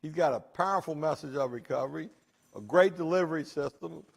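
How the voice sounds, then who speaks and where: A middle-aged man hosting a recovery meeting in a jail, telling stories in a lively, joking, plainspoken way. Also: on the high side, fairly quick, gravelly, very echoey, distant mic. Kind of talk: motivational storytelling to inmates.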